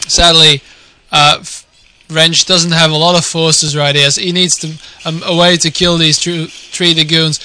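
A young man with a Dutch accent casting a video game live, drifting from quiet musing to shouted excitement. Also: fairly high pitch, a little slow, clear, resonant tone. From Netherlands. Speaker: game caster.

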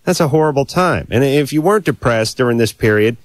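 A man with a medium-pitched voice hosts a late-night call-in advice show and gives blunt counsel laced with dry, sarcastic jokes. He talks into a close studio mic, and the sound is very dry and close. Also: animated, a little fast, dry recording. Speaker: radio advice show host. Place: radio studio.

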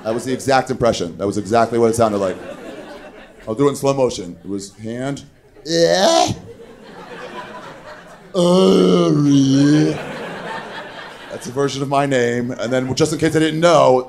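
With a medium-pitched, darkish voice, a man in his thirties works a club stage with profane stand-up, firing off quick impressions to mock people.

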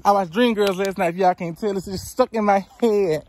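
A woman's voice: mid-range voice, brisk, darkish tone, slight background noise. A woman in her twenties chatting casually while walking outdoors, out of breath, giving blunt, profane advice straight into a handheld phone camera. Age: 20s. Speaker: vlogger. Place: outdoors on roadside near woods.

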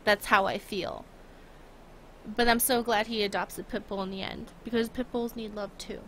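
A woman's voice: medium pitch, fairly even intonation, normal speed, fairly bright tone, a little hiss or hum. A young woman streaming a game, chatting casually and rambling with giggles, talking to her chat and her dog.

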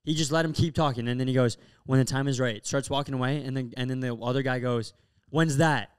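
A man's voice: medium pitch, fairly even intonation, quick pace, clean tone. A young man co-hosting a podcast, telling a rambling story in casual chat and acting out the quotes. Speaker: podcast co-host.

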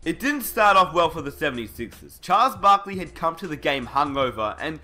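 A man's voice: a little high, very animated, fairly quick, sharp tone. A man giving scripted, dramatic narration of a sports story over faint music. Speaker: documentary narrator.

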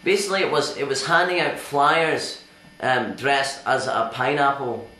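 An actor playing a self-important, deluded male stand-up comedian, boastful and halting with fillers, recorded in an echoey venue. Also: mid-range voice, bright, forceful tone. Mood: pompous. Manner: pompous and boastful, hesitant with fillers. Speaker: interviewee in a sketch.

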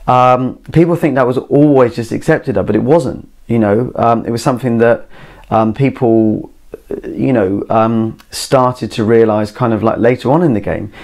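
A man's voice: medium pitch, vocal fry, a little mellow. A man, hosting a solo podcast from a garden shed, rambling with many fillers and restarts. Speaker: podcast host. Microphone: camera mic.

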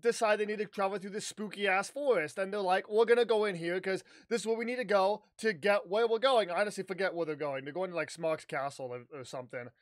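A man telling a casual, animated story on his vlog, rambling with restarts and the odd swear word. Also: sits high, fast, hardly any pauses, no echo. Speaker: YouTuber.

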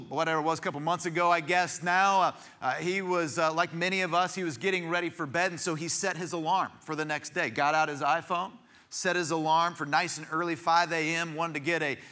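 Preaching in a church sanctuary, a male pastor tells stories in a conversational manner and frequently restarts his sentences. His voice is fairly high, pushed and bright.

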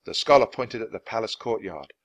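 Man, storybook narrator, lively animated pitch, expressive reading, clear pacing. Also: a little fast. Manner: expressive, voicing each character. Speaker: audiobook reader.

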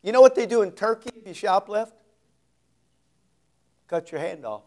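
A male pastor preaching an expository sermon, reading scripture slowly with heavy emphasis and dropping folksy asides. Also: high voice, animated, darkish tone.

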